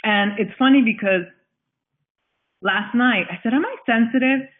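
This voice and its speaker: A woman's voice: on the high side, moderate pace. A woman hosting a team call as a coach, upbeat and encouraging in a chatty way. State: recovering from flu. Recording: tinny phone-line audio.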